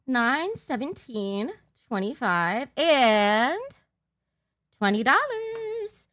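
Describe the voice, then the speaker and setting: A woman's voice: high voice, very animated, extremely slow, a bit bright, no room sound. An overtired woman hosting a casual livestream, rambling and losing her train of thought. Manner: bursts into a mock auctioneer patter. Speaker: livestream host.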